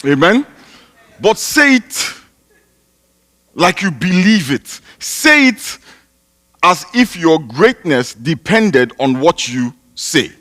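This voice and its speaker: A pastor from Nigeria, out of breath, preaching a sermon in a church hall with a chatty, joking manner that rises to loud, emphatic declarations. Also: male voice, on the high side, sing-song, slow pace, long pauses. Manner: chatty, joking, breaks into laughter.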